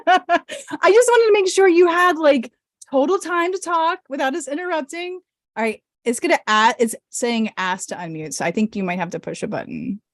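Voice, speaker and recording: A woman's voice: sits high, lively intonation, moderate pace, a bit bright, no echo, studio quality. A woman hosting a podcast, reading viewer questions in a giggly, teasing casual chat. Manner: giggly, teasing, breaks into laughter.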